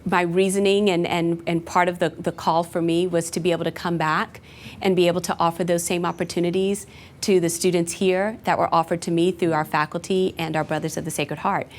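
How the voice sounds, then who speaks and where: Earnest woman principal, lowish voice. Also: flat delivery, fairly quick, a little hiss or hum. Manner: earnest, reflective, many fillers. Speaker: new high school principal. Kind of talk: interview answers.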